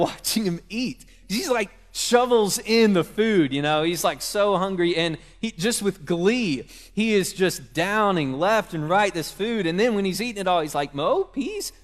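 A man's voice: sits high, lively intonation, normal speed, few pauses. A young man preaching a sermon in a casual, conversational way, telling stories from home and speaking directly to parents. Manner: conversational, storytelling with asides to parents. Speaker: pastor. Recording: long reverb of a hall.

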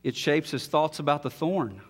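A man preaching an expository sermon, building to emphatic peaks and then dropping low and quiet. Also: expressive, moderate pace. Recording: long reverb of a large hall.

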